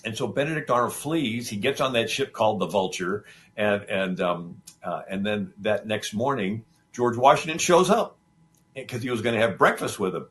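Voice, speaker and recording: A man with a fairly low voice tells a history tale in a casual, rambling way, full of fillers and restarts. He livens up the telling by acting out what each person says. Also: normal speed. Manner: animated, acts out the quoted figures' lines. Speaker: show host.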